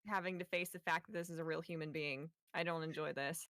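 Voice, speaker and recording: A woman's voice: deep voice, steady tone, brisk, fairly bright tone. Incredulous woman stream guest. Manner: incredulous, profane reactions. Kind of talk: casual reaction chat.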